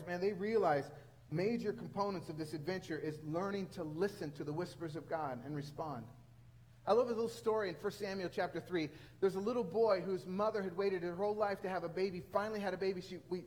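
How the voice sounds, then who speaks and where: High-pitched male pastor preaching earnestly to his congregation. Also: poor audio. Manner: earnest storytelling with rising emphasis. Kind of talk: sermon.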